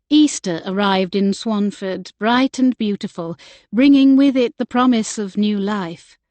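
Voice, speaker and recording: A woman narrating a romance novel in a gentle storytelling manner. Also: mid-range voice, no room sound. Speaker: audiobook narrator. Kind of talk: scripted narration.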